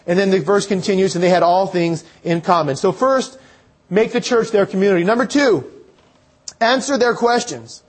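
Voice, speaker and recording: A man's voice: sits high, moderate pace. A man preaching a sermon in an earnest, conversational way, quoting scripture and telling stories.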